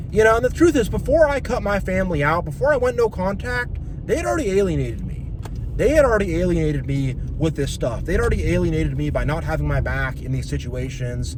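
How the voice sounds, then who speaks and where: A man's voice: fairly high pitch, noisy background. A man venting in an emotional vlog rant, agitated and repetitive, with many fillers like "like" and "you know". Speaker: vlogger.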